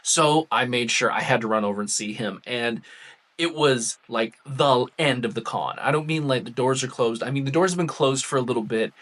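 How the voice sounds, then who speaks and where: A man, a cosplay vlogger, telling a chatty, animated story straight to his viewers. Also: mid-range voice, moderate pace. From Canada. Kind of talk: casual storytelling to camera.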